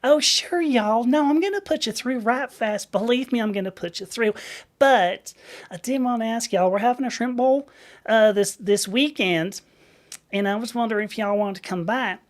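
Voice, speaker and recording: A woman's voice: on the high side, moderate pace, voice pushed up, natural voice. Woman putting on a chirpy Southern receptionist. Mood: syrupy cheerful. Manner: chatty, drawling, keeps saying y'all. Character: overly friendly pushy Southern woman receptionist.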